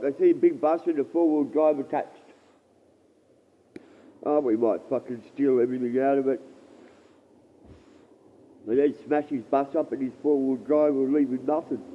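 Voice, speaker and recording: Rambling man on a tinny stream. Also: mid-range voice. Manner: rambling, halting, repeats himself, swears. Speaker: live streamer. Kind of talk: casual livestream chat. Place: dark shed. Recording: tinny phone-like stream audio.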